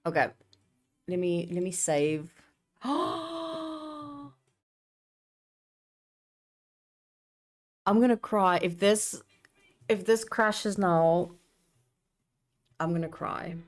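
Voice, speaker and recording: A young woman streams live and chats loosely while she works. She reads her chat aloud, swears casually and pokes fun at herself. Her voice is low, unhurried and gravelly. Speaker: livestreamer building a map.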